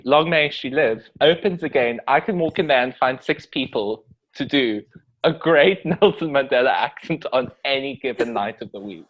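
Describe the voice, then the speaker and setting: A young South African man chatting as a podcast guest, quick and jokey, peppering his talk with "like". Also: mid-range voice, lo-fi sound. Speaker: podcast guest, pop artist. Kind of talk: casual chat.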